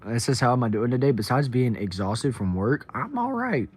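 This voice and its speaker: This young man from Texas has a medium-pitched, slightly rough voice and talks briskly. On his livestream he keeps things casual, reading out viewer comments and greeting folks by name.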